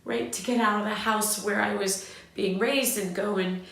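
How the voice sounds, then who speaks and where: A middle-aged woman from Southern California, telling a personal story in a candid, animated way with fillers and restarts. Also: medium pitch, normal speed. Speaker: host. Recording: very echoey room.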